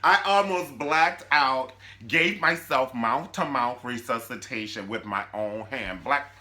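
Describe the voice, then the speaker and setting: A man hosting a comedic TV recap, telling the story in an animated, sassy way. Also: mid-range voice, takes it slowly. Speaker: YouTube show recap host.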